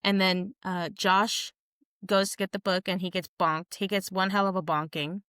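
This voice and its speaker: A young woman co-hosting a podcast in casual chat, animated and jokey, acting out quotes. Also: mid-range voice, normal speed, clean tone, no room sound, clean studio sound. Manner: animated, jokey, calls co-host "friend", acts out quotes. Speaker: podcast co-host.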